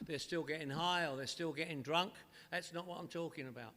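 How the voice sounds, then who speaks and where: A man's voice: on the high side, fairly quick, pushed and bright. An older man giving a humorous recovery talk to a live audience in a meeting hall, telling stories in a punchy, wisecracking way. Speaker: AA speaker.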